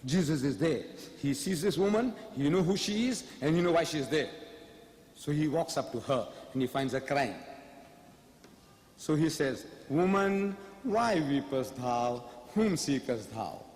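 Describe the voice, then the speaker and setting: A man's voice: fairly high pitch, expressive, normal speed, darkish tone, reverberant, long reverb tail. A man giving a public debate lecture, firing rhetorical questions at the audience with emphasis.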